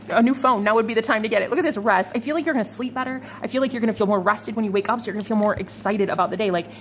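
A woman's voice: medium pitch, slight background noise. A woman giving a casual, chatty tarot reading to her viewers, swearing freely and laughing now and then. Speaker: tarot reader.

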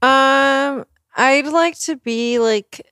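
A woman's voice: high-pitched, drawn-out words, sharp tone, no echo. A woman co-hosting a podcast in casual chat, playful with dry quips and giggles. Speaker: podcast co-host.

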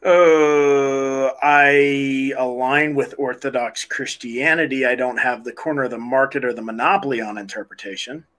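Christian guy in a debate, earnest, plain talk, middle pitch. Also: fairly even intonation, normal speed, hardly any pauses, a bit bright. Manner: earnest, plain-spoken, some restarts. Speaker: Christian podcast host. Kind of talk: online debate.

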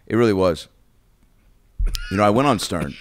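A man's voice: lowish voice, animated, moderate pace, no echo. A man who is a comedian guest, chatting playfully and coaching others on how to do a voice. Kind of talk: casual chat.

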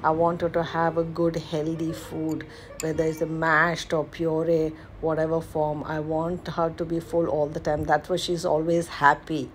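A woman's voice: sits low, monotone, a little hiss or hum. A woman, a mother explaining her baby's meals in a casual home vlog, with many fillers and restarts. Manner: unhurried, plain, with frequent "uh" fillers and restarts. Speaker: mother and home cooking vlogger.

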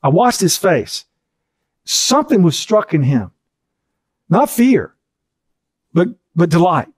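A man's voice: fairly high pitch, lively intonation, measured pace, long pauses, dry recording. A middle-aged man giving an earnest teaching session, repeating key phrases for emphasis.

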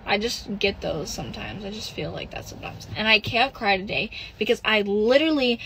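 A woman's voice: medium pitch, a bit bright, slight background noise, low-quality recording. Upset young woman venting on a livestream. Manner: frequent "like" and "literally", halting and upset. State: emotional, close to tears. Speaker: livestream host. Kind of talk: casual livestream chat, reading comments. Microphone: phone.

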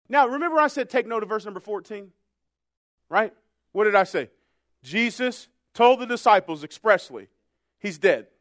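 A man preaching in a church. His voice sits very high, and he swings from soft, hushed stretches to ringing shouts. The sound is close and dry, with almost no room echo. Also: expressive, normal speed. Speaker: pastor. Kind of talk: sermon. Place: church sanctuary.

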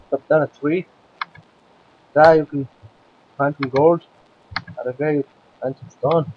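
A man's voice: fairly high pitch, narrow, tinny audio, slight background noise. A man with a Scottish accent giving playful, chatty gameplay commentary and bossing around the characters in his game. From Scotland. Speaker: let's play host.

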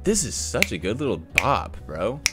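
A man's voice: fairly low pitch, huge pitch swings, moderate pace, loud music behind the voice. A young man casually commenting while reading a visual novel game aloud, swearing freely and laughing often. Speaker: gaming YouTuber.

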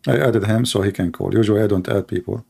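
A man's voice: fairly low pitch, steady tone, quick pace, gravelly, mellow, slightly rough. A middle-aged man who is a Christian apologist host. He gives heated, emphatic livestream commentary and repeats himself a lot. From Arab world.

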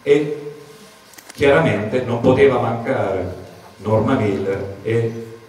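A man's voice: medium pitch, slow pace. Italian-accented man in a very echoey hall. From Italy. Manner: lively, translating back and forth. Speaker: host and interpreter. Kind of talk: bilingual panel talk. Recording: echoey room from far off.

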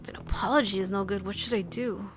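A woman's voice: medium pitch, steady tone, quick pace, soft background music. A woman playing a video game, reading the characters' lines aloud and slipping in muttered comments of her own. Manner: reads game text aloud with playful asides and mutters. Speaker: let's play streamer.

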